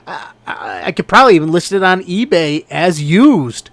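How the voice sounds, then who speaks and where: Guy venting about a bad sale, kinda high voice, dead dry sound. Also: moderate pace, no room sound. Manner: exasperated, animated retelling. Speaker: online reseller. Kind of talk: casual storytelling vlog.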